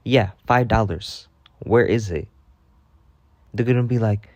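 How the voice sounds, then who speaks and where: Fairly low-pitched and unhurried, this man pauses often as he tells his storytime vlog. The monologue is a heated, swear-filled, animated vent, and the audio has no echo.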